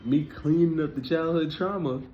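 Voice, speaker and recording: A man's voice: fairly high pitch, moderate pace, highs cut off, slight background noise. A man in his thirties giving a casual spiritual talk, loose and conversational, often checking in with the listener. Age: 30s. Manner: loose, conversational, keeps asking "you feel me". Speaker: spiritual vlogger.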